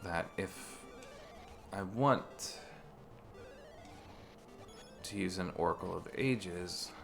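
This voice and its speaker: A man's voice: sits low, very slow, vocal fry. A man streaming a video game and chatting casually while he plays, rambling and restarting his sentences often. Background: faint game music.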